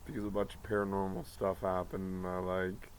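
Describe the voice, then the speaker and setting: A man's voice: deep voice, little pitch movement, brisk, a little hiss or hum, poor audio. A man talking to his viewers in a rambling monologue, profane and jumping from one topic to the next. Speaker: vlogger.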